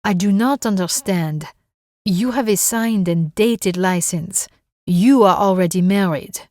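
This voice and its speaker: A woman voicing an older male French judge with a French accent, matter-of-fact and booming, in an audiobook. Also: a little slow, a little mellow, no room sound, clean studio sound. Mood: measured.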